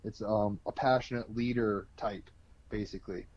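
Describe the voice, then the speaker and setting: A man's voice: fairly low pitch, fairly even intonation, moderate pace, a little mellow, no echo, muffled recording. A man explaining astrology as an interview guest, in a loose, colloquial way full of fillers and the odd swear word. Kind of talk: casual explanatory interview talk.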